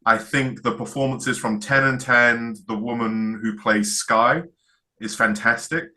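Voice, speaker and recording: Male co-host, bright tone, eager casual storyteller. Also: medium pitch, fairly even intonation, unhurried. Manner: enthusiastic, retells scenes acting out lines. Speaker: podcast co-host. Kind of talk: casual chat.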